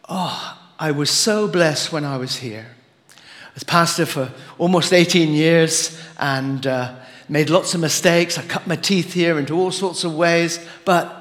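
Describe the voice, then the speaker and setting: A man's voice: fairly high pitch, fairly bright tone. An older man, a former pastor, preaching a sermon with rambling asides and many fillers. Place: church sanctuary. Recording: long hall reverb.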